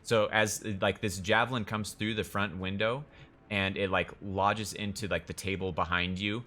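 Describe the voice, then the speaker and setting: Low, bright-voiced man running a game. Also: steady tone, normal speed. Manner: rambling, lots of fillers. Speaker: game master. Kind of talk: narrating a tabletop game. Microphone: online voice call.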